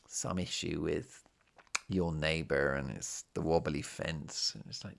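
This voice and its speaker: A man's voice: sits low, expressive, normal speed, creaky, a little mellow. A middle-aged man, hosting a podcast and talking casually to his listeners, often asking them questions. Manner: chatty, conversational, asks the listener questions. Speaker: podcast host. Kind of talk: casual monologue.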